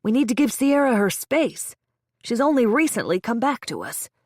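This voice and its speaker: A woman's voice: a little high, sing-song, normal speed, a little mellow, dry recording, clean studio sound, pitched above the performer's own voice. A woman voicing a controlling husband who reassures in a soothing, patronizing way. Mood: firm. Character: smooth-talking husband, controlling, falsely reassuring.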